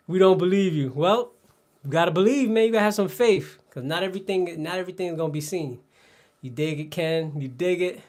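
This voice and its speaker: A man's voice: high-pitched, normal speed. A man riffs loosely with his audience on a live workout stream, telling jokes and tangents. He laughs a lot and drifts off mid-thought, talking at an easygoing, unscripted clip from an indoor home workout spot. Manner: joking, rambling banter with chat; laughs often, trails off mid-sentence. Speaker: fitness livestream host. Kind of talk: casual live-stream chat during a workout.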